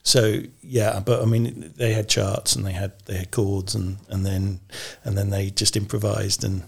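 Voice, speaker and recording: A man's voice: on the low side, little pitch movement, unhurried, vocal fry, slightly rough. A man who is the guest orchestrator in a casual interview, talking in a rambling, self-interrupting way with frequent laughs.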